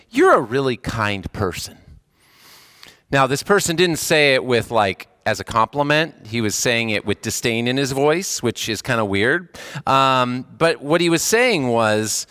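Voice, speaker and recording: A man's voice: medium pitch, pushed and bright, clear, resonant tone, no echo, studio quality. Earnest male pastor preaching. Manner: earnest, conversational preaching with rising emphasis. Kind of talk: sermon.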